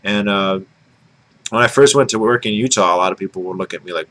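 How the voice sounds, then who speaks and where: A man's voice: on the low side, fast, a bit bright, slight background noise, low-quality recording. A man from Michigan with a Michigan accent, musing to his camera in a rambling vlog, full of fillers and self-corrections. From Michigan, United States. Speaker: video blogger. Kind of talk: casual talk to camera.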